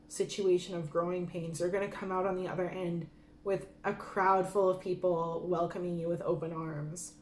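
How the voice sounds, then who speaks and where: Soft-spoken, emotional woman reading tarot. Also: on the low side, a little hiss or hum. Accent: Michif-speaking Métis greeting and French sign-off. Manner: gentle, emotional, tearing up, laughing. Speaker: tarot reader. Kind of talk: pick-a-card tarot reading. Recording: echoey room with faint ambience.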